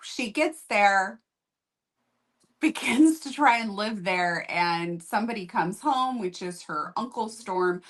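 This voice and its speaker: A woman's voice: medium pitch, expressive, slow. A woman hosting a book review show, chatting casually and candidly, with rambling asides. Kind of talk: casual chat.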